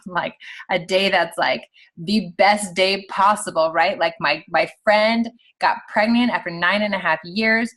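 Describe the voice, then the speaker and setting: A woman in her thirties giving a casual, animated pep talk to her team on a video call. She talks quickly and fills her speech with "like.". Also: on the low side. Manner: chatty and animated, heavy use of "like". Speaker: team leader on a sales call.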